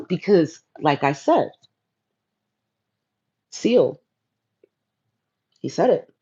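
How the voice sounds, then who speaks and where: A woman's voice: low-pitched, big pitch swings, very slow, pauses often, dark tone, husky, muffled recording. A woman hosting a casual spiritual livestream, laid-back and playful, talking straight to viewers in her chat. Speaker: livestream host.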